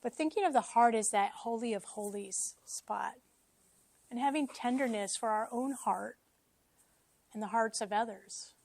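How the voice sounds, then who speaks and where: A woman speaks to a church congregation in a casual teaching style. She jokes about herself and drops quick asides. Her voice sits fairly high, and the sound is dry and close. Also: no room sound. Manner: self-deprecating, joking, lively asides.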